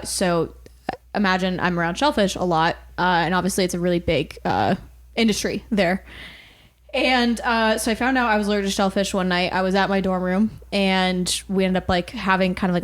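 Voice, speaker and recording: A woman co-hosting a casual podcast, chatting at a middle pitch. She tells long rambling stories and fills them with "like" and restarts. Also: steady tone, a little fast. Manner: chatty storyteller, heavy use of "like". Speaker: podcast co-host. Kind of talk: casual chat.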